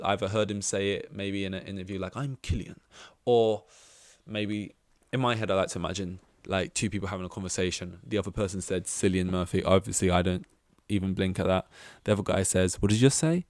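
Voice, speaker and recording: A man's voice: low voice, flat delivery, a little fast, no echo, clean studio sound. A young man hosting a casual solo podcast, rambling and chatty, with self-deprecating asides and lots of fillers. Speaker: podcast host.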